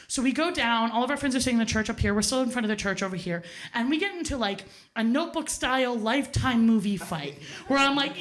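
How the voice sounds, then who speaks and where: Live on a theater stage, a high-voiced woman tells a personal story at a quick pace with hardly any pauses. She's animated, swears freely, and laughs at her own mishaps.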